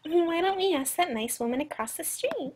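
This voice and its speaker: A woman's voice: very high voice, expressive, moderate pace, slight background noise, voice pushed up. A woman voicing a cheerful teenage girl in a video game, eager and upbeat. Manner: bright, eager.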